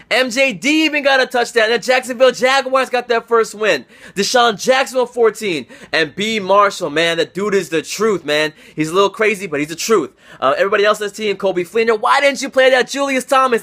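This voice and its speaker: Excitable profane young man, high bright voice. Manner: profane, excitable, teasing league friends; repeats phrases for emphasis. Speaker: host of a fantasy football league recap. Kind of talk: casual recap monologue. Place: indoors, seated on camera.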